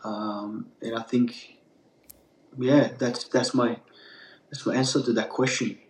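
A man's voice: mid-range voice, steady tone, slow, roomy sound. A Turkish man with a slightly Australian-tinged accent, a pizza maker chatting as a podcast guest, full of fillers and restarts. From Turkey. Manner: rambling, many fillers and restarts, laughs easily. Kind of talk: casual podcast interview.

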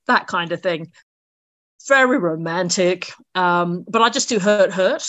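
Animated woman author chatting. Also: on the low side, unhurried, dry recording. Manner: animated, acts out reactions in quoted voices. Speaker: author guest. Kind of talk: casual interview chat.

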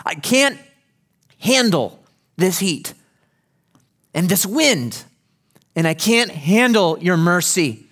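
A man's voice: high voice, very animated, slow, pauses often, fairly bright tone, voice pushed up, heavily acted. A man voicing a whining, self-pitying male prophet in a sermon. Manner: pleading, complaining.

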